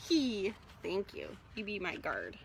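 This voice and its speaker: A woman's voice: medium pitch, huge pitch swings, a little slow, creaky, background noise. A woman hosting a children's storytime outdoors, singing and reading in a cheerful sing-song manner, recorded on a phone resting on a small table. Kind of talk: live storytime with songs and picture-book reading.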